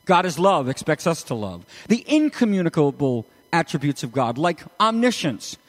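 A man preaching a sermon as pastor, animated and emphatic, with sudden rises in his voice. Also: on the high side, normal speed, big-room sound. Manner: animated, rising to emphatic peaks.

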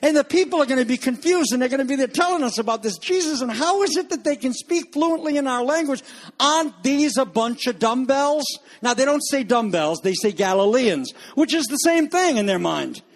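A man's voice: very high voice, lively intonation, fairly quick, few pauses. A man preaching a sermon to a congregation, talking in a conversational, joking way with asides to the listeners. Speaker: pastor.

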